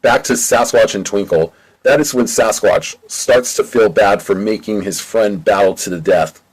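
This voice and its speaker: A man's voice: fairly low pitch, moderate pace, husky, rough recording. Casual amateur male audiobook narrator. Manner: plain, casual storytelling. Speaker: audiobook reader. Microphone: home mic.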